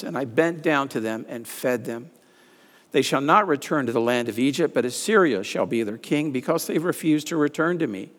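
A man preaching a sermon, reading scripture aloud with rising emphasis on the pleading lines. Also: mid-range voice. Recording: reverberant hall.

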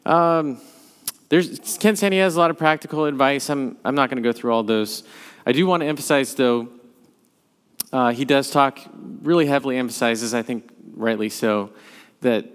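A man leading a Bible study class, talking through the passage conversationally and thinking aloud as he goes. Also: mid-range voice. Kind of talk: leading a church class discussion. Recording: long hall reverb.

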